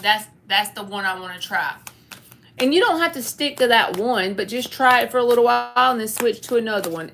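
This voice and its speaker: A woman's voice: a little high, fairly bright tone, slight background noise. A woman, giving a candid, folksy live tarot reading. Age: 30s. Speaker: tarot reader.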